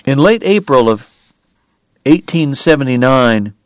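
A man narrates an audiobook in a measured, lyrical way, letting each phrase land. His pace is unhurried and deliberate, and his pitch sits in the middle range. The recording is dry and close. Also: animated, dry recording. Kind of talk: scripted narration.

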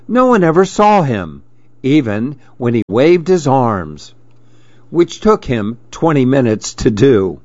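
A man reading a children's storybook aloud, gentle and expressive. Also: mid-range voice, no echo, muffled recording.

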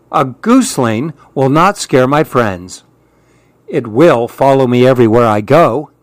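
Slow, expressive man reading storybooks. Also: mid-range voice, no echo. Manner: expressive, lilting read-aloud delivery.

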